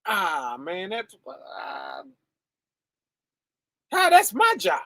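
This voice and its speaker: Unhurried and bright, a high-voiced preacher streams a casual sermon with wildly swooping pitch, speaking straight to his listeners. He often ends lines with "right?" or "okay?" and calls them "y'all" and "fam." The sound is dry and close, with no room or echo around it.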